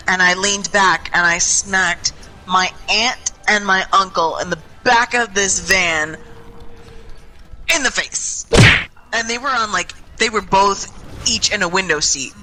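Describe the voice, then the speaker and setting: Bright-voiced young woman telling a chatty story. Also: fairly low pitch, unhurried, faint music behind, low-quality recording. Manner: chatty, animated, swears freely. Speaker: gaming group member. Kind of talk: casual storytelling in game voice chat. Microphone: headset or desk mic in online voice chat.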